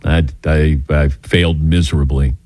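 An older man hosting a call-in radio show, telling stories with animated quoted voices. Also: extremely low pitch, normal speed, dry recording. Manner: animated storyteller, acting out quotes.

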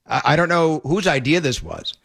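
A man's voice: fairly high pitch, normal speed, creaky, breathy edge. Exasperated talk radio host, man. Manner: animated, exasperated, stumbles and repeats words. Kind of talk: opinionated talk radio commentary.

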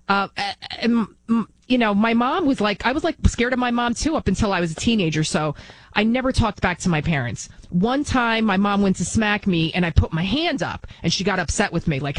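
A woman in her forties, a TV news host, telling stories in a rambling, animated way, with frequent restarts. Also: lowish voice, dry recording, low-quality recording. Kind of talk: casual storytelling monologue.

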